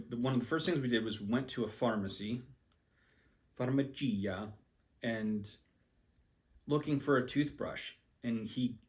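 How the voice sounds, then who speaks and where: A man casually telling a personal travel story, rambling with many ums and restarts, self-deprecating about his skills. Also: fairly low pitch. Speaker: language learner.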